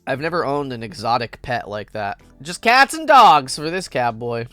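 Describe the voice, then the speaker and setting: A man's voice: mid-range voice, very animated, moderate pace, a bit bright, no echo, soft background music. A man streaming games in a casual, playful chat, giggling and greeting viewers by name. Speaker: game streamer.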